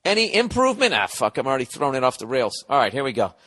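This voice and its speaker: A middle-aged man hosting a podcast, rambling casually in an animated, profane, sarcastic way. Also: medium pitch, racing. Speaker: podcast host.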